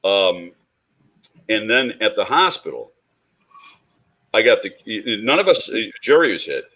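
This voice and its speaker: Lower-voiced man telling a story with animated quoted dialogue. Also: unhurried. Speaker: police instructor on a panel. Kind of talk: recounting a personal story on a panel.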